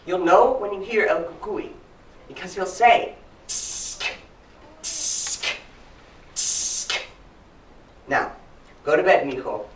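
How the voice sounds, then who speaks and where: A man playing a patient mother at her son's bedside, delivering a quiet, hushed warning. His voice stays lively in pitch and carries from a distance through a roomy, echoing hall. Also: close to an everyday voice. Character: patient mother scaring her son to bed. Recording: roomy hall, mic from far off.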